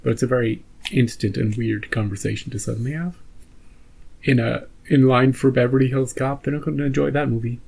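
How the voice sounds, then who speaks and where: A man hosting a reaction video, rambling and joking with animated outbursts in casual commentary. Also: mid-range voice, a little fast, creaky, slightly rough.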